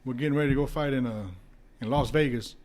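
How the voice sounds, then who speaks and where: This man talks quickly in a mid-range voice. He's an ex-heavyweight boxer guesting on a podcast, spinning lively, laid-back stories full of profanity and laughs.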